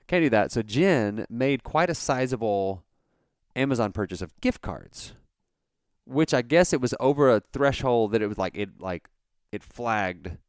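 A middle-aged man tells a story on his podcast in a rambling, animated way, often restarting his sentences. His voice is low and smooth, and the sound is dry and close. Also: no echo. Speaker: podcast host. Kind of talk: casual storytelling chat.

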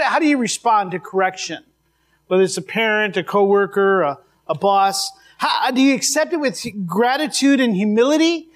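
A male pastor giving a sermon, telling a story in a loose, conversational way with frequent restarts. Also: sits high.

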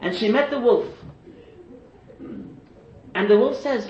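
A man with a very high voice tells stories in a sermon. He gets animated and often climbs to shouted emphasis. The recording is echoey and muffled, as if taped in a large room. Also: takes it slowly. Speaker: preacher. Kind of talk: sermon storytelling. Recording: echoey and dull lo-fi.

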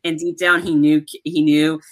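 A man's voice: on the high side, flat delivery, normal speed. A man in casual conversation, recapping movie scenes with lots of fillers and restarts. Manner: rambling, many fillers, acts out quotes.

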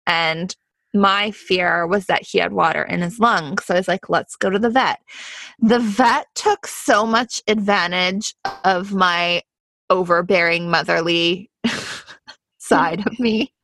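Chatty young woman with a bright voice. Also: lowish voice, steady tone, takes it slowly, no echo. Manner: chatty storytelling, peppered with "like". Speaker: podcast co-host. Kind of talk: casual chat.

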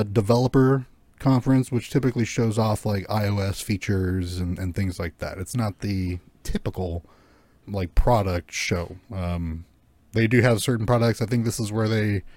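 A man's voice: fairly low pitch, darkish tone, no room sound. A young man hosting a casual podcast, rambling loosely with lots of fillers and swearing. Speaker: podcast host. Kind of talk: casual chat.

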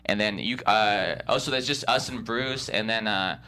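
Comedian guy with a bright voice rambling thru a story, lots of restarts. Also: fairly low pitch, normal speed, a little hiss or hum. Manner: rambling and animated, frequent restarts and laughter. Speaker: comedian guest. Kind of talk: casual storytelling chat.

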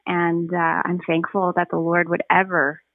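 A woman giving a personal testimony as a podcast guest, speaking earnestly and reflectively, with frequent pauses and restarts. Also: on the low side, monotone, dry recording. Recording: tinny phone line, dry.

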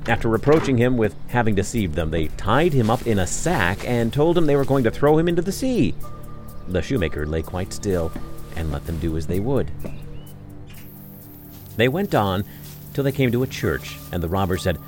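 A man narrating a fairy tale in an expressive storytelling style, with wry asides. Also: lowish voice, normal speed, music in the background.

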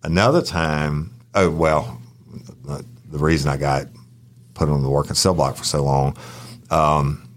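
A man, a podcast co-host and former prison guard, telling profane, animated stories in casual chat. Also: rumbling low, unhurried. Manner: profane, animated anecdotes with acted-out quotes. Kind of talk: casual storytelling.

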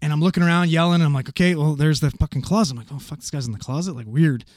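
A man casually telling a paramedic story, animated and swearing freely as he acts out the voices of the people in it. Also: on the high side, rapid-fire, dry recording, studio quality.

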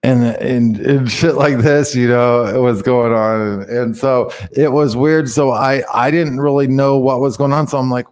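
A man's voice: mid-range voice, steady tone, moderate pace, few pauses, a little mellow. A man, a guest, rambling through a casual story and acting out the quoted dialogue. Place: in Mexico.

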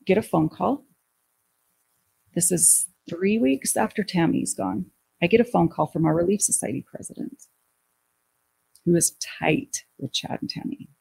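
A woman recounting her own story in an interview, her voice husky and breathy with a gravelly edge. She slips into the voices of the people she quotes, giving the telling an animated, conversational pull. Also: on the low side. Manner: animated retelling, acting out quoted dialogue. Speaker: guest.

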